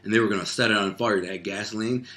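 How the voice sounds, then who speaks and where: A man from Detroit telling a personal story in casual, animated speech, often tossing in "man" and "like". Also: on the low side, fast, soft background music. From Detroit, United States. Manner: vivid, animated retelling peppered with "man" and "like". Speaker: interview guest telling a life story.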